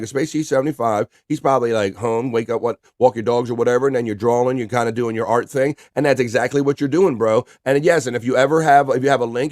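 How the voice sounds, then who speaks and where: A man's voice: medium pitch, darkish tone, no room sound, clean studio sound. Joking male livestream host reading chat. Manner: joking, reads chat messages aloud. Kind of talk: casual live-stream chat.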